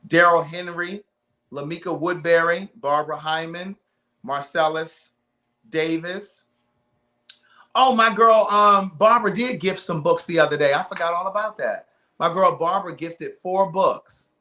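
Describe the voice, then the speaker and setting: A man's voice: a little high, unhurried, pushed and bright. A man from Maryland hosting a live stream in casual chat, reading out viewers' names and thanking them. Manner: chatty, reads viewer names aloud.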